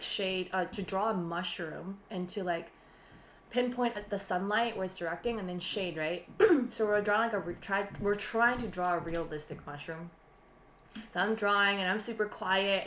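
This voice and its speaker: A woman co-hosting a casual podcast, rambling through an animated story packed with "like" and bursts of laughter. Her mid-pitched voice rings out in a roomy, echoey space, with faint ambient noise underneath. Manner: rambling, animated retelling with frequent laughs and fillers. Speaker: podcast co-host. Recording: roomy echo.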